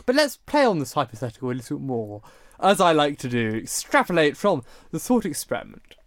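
A man's voice: fairly high pitch, very animated, brisk, no echo. A man hosting a casual political chat show, speaking in a mock-formal way and laughing often. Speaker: podcast host.

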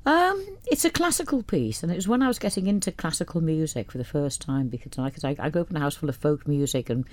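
A woman guest on a radio programme who tells stories in a lively, rambling way. Her voice sits a little on the low side. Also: quick pace. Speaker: radio guest, youth arts head. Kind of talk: radio interview.

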